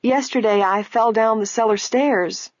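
A woman's voice: on the high side, a little slow, dry recording, voice pushed up. A woman voicing a quavering, frail old lady. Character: frail, proud old woman, injured and poor. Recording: dull, lo-fi, dry.

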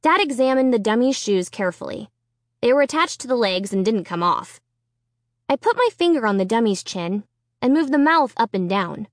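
A woman reading a children's horror novel aloud, with expressive storytelling. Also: a little high, moderate pace, no room sound, clean studio sound. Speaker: audiobook reader. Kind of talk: scripted narration.

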